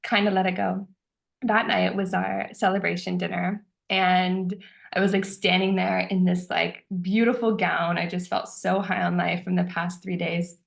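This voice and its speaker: A woman's voice: on the low side, little pitch movement, normal speed, creaky. A woman telling a personal story in a casual, chatty way, with many filler words, frequent laughter and acted-out dialogue. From United States.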